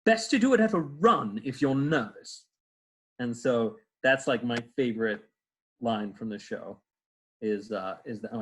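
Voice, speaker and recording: A man's voice: medium pitch, normal speed, slightly rough, rough recording. Rambling man on a video call. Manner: rambling, many fillers and restarts. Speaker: stage actor guest. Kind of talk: casual interview answers.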